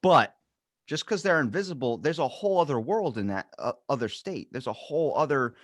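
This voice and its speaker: A man with a Baltimore accent, hosting a podcast and telling stories in a rambling, animated way, voicing the people in them. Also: medium pitch, fairly quick, no echo, studio quality. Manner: rambling, animated storytelling with acted quotes. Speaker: podcast host. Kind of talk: casual conversational chat.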